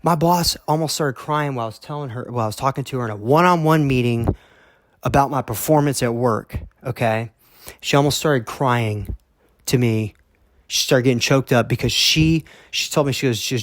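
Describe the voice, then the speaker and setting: At a normal speed and in a mid-range voice, a man shares a personal story casually, bluntly and emphatically, tossing in repeated words, an occasional curse, and lots of "okay?" The studio sound is clean, with no room sound.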